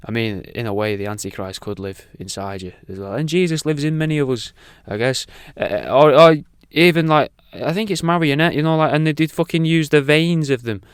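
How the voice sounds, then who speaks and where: A man's voice: fairly high pitch, fairly quick, hardly any pauses, smooth, no room sound, studio quality. A man hosting a radio talk show, rambling off on tangents and swearing freely. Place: radio studio.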